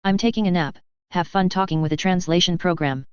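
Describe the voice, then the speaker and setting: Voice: medium pitch, a little fast, smooth, dry recording, muffled recording, natural voice. A narrator voicing a sarcastic young female soldier who complains and snaps back. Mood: snappy. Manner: snappy, complaining.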